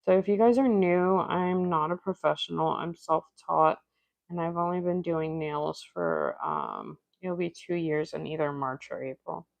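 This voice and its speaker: A woman's voice: on the low side, animated, measured pace, vocal fry, no room sound, dull audio. A young woman with a cold and a congested voice, hosting a casual livestream, chatting and greeting viewers by name. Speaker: livestream host doing nail art.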